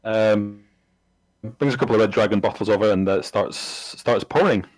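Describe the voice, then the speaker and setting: Low-voiced man narrating as game master. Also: normal speed, no echo, rough recording. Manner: rambling, hesitant, lots of fillers.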